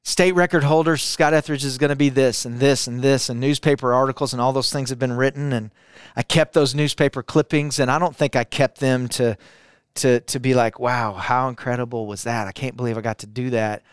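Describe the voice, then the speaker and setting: A middle-aged man from Arkansas telling a personal testimony to a camera, building intensity through repetition and dropping quiet for emphasis. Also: mid-range voice, fairly even intonation, fairly quick, clean tone, no echo, clean studio sound. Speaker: speaker sharing a personal testimony. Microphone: camera, speaking to it.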